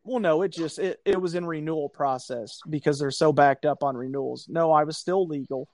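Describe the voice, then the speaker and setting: A man tells a story in casual chat, his voice sitting a little high for a man. He is animated and profane, and he acts out the people he quotes. The sound is dry and close. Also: a little fast, no echo. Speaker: podcast co-host telling a story.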